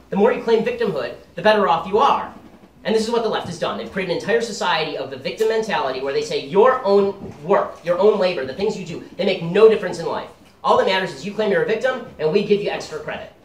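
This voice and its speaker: A man's voice: sits high, a little hiss or hum. A young man giving a sarcastic, combative political speech to a live audience. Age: young adult. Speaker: campus speaker. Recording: roomy hall, mic at a distance.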